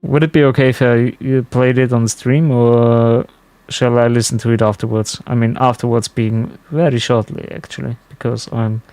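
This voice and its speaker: A man's voice: mid-range voice, little pitch movement, normal speed, few pauses, a little mellow, no room sound. A man chatting casually to his stream viewers while playing, musing aloud as he goes. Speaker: game streamer. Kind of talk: casual live-stream commentary.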